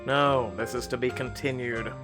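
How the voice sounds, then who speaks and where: Casting: a man giving a sly, smooth young rival, wry and even-voiced. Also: mid-range voice, moderate pace, music in the background, natural voice.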